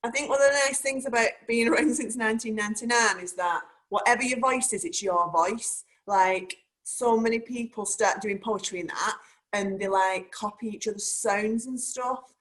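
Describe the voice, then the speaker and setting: A woman's voice: a little high, normal speed, a bit bright. A woman hosting a talk show, chatting in a rambling, casual way full of "like" and "um". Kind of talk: casual chat.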